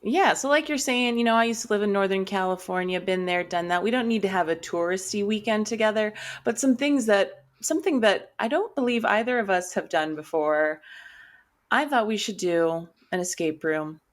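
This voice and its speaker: A woman's voice: medium pitch, normal speed. Brief: a woman as a laid-back podcast co-host, giggly, curious, chatting with a close friend. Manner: giggly, easygoing, questioning. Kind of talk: casual chat between friends.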